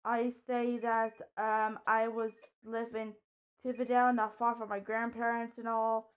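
Slow, high-voiced woman gamer. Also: clear, resonant tone. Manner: hesitant, lots of ums and restarts; excitable outbursts during play. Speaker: gaming vlogger. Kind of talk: gameplay commentary and personal storytelling.

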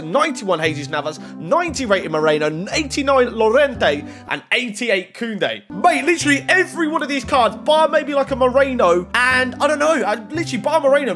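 A young man giving excitable pack-opening commentary on a video game, bursting into shouts over big pulls. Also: high-pitched. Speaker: gaming YouTuber.

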